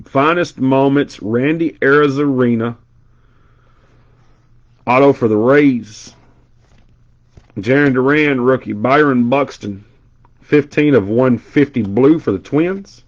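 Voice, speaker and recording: A man's voice: medium pitch, slow pace, long pauses, lo-fi sound. A man hosting a card break on a casual live stream. He chats and tells stories as he rattles off card names.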